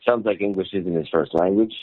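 This journalist guest talks a bit fast in a low voice, rambling through a casual story on a call-in show with laughs and filler words. The sound comes through a thin, tinny phone connection.

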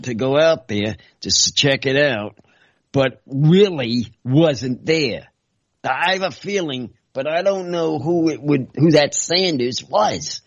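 A man on a call-in show, talking in animated, mock-angry casual chat with a lot of laughing. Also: mid-range voice, creaky, no room sound. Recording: dull lo-fi audio.

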